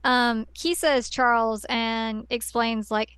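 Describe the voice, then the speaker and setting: A podcast co-host recaps a story casually and at length, rambling with lots of fillers and restarts. Her voice is a little high, smooth and fairly bright, with fairly even intonation and a measured pace, in a dry recording.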